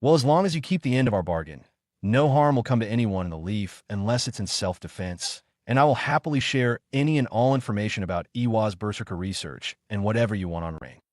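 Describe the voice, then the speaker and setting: A man voicing a young male ninja who is cool-headed but quick to anger. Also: fairly low pitch, lively intonation, dry recording, studio quality, lightly acted. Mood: calm.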